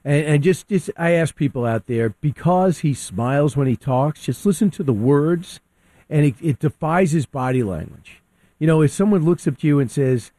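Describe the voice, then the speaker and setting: Animated man with a mellow voice. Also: a little high, normal speed, dry recording. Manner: animated, quotes people in acted voices. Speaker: radio guest commentator. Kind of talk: opinionated talk radio commentary.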